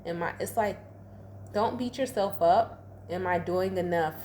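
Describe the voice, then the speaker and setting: A woman's voice: lowish voice, measured pace, dark tone, slight background noise. A woman in her thirties giving a casual tarot reading, chatty and slangy, laughing often. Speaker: tarot reader. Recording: echoey room, faint ambience.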